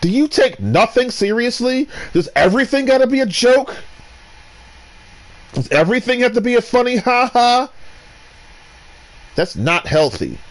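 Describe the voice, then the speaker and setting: A man ranting while commentating his gameplay, restarting sentences and swinging between loud outbursts and low muttering. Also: big pitch swings, moderate pace, pauses often. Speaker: gamer.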